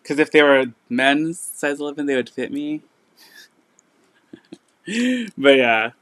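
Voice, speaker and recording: A man hosting a live resale stream, chatting casually and filling pauses with "like" and "um" while he shows items. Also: medium pitch, steady tone, fairly bright tone, no echo. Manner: chatty, lots of "like" and "um" fillers. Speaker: online resale seller.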